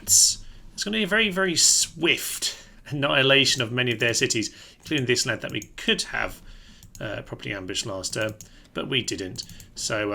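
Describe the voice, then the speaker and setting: A man's voice: mid-range voice, creaky, pushed and bright. A man giving casual let's-play commentary on a strategy game, wry and sarcastic, often talking straight to his own units. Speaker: gaming video host.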